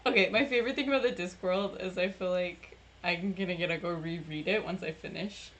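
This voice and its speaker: A woman's voice: on the low side, fairly bright tone, slight background noise. Woman chatting casually beside a streamer. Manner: short replies, quick to laugh. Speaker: streamer's wife and co-host. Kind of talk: casual chat.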